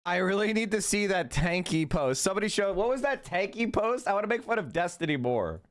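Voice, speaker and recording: A man in his thirties hosts a livestream and tears into clips with heated, profane mockery. His voice sits high for a man. The talk is loose and fast-reacting. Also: big pitch swings. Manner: profane, heated, mocking rants. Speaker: streamer host. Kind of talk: casual livestream commentary.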